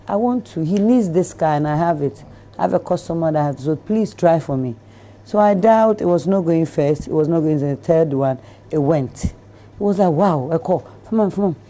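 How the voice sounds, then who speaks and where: Ghanaian lady, low mellow voice, telling a story with voices and laughs. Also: moderate pace. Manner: animated storyteller who acts out voices, laughing. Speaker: celebrity guest. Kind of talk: storytelling interview.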